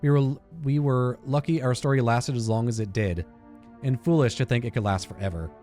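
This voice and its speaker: A man's voice: a little fast, mellow, faint music behind. A man hosting a game playthrough, reading in-game letters aloud with fillers and self-corrections. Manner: reads aloud with frequent fillers and restarts, drops into a low aside. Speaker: gaming channel host.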